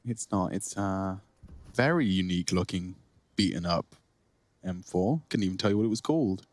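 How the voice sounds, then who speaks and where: A man's voice: deep voice, lively intonation, normal speed, no echo. Jokey male esports co-caster. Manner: jokey, playful banter. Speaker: esports color commentator. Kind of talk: live esports commentary and banter.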